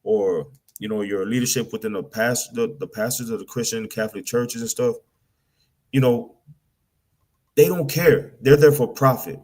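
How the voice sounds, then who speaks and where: A man's voice: mid-range voice, moderate pace, a little mellow. Blunt, stammering preaching man. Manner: blunt, repetitive, slangy, mimics people in asides; stammers and repeats words. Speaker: street preacher. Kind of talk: preaching rant.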